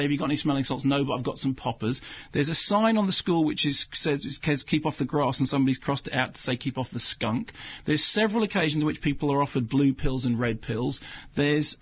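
A man's voice: fairly high pitch, slightly rough, highs cut off. A man reviewing films on the radio, wry and opinionated, with cutting verdicts. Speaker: film critic.

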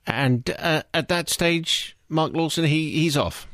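Radio host guy reading out a listener email, dry and wry, slightly high voice. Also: slow, fairly bright tone, a little hiss or hum. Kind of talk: casual radio chat.

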